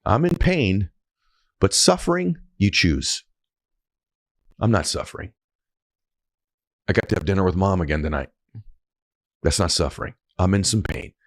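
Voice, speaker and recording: A man voicing his older father facing cancer, speaking in a deep voice with a plain, earnest, fatherly manner. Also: big pitch swings, a little slow, long pauses, no room sound, clean studio sound, exaggerated voice. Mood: tender.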